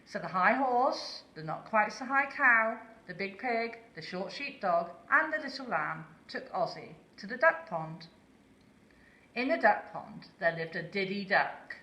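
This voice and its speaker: Slow, bright woman reading a children's story. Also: mid-range voice, reverberant. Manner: slow, expressive, asks listeners questions.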